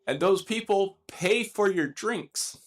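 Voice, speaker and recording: A young man with a high, light voice rants through his commentary. He sounds exasperated and emphatic, swearing now and then as he argues his case. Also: slow pace. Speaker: streamer giving commentary. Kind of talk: ranting commentary.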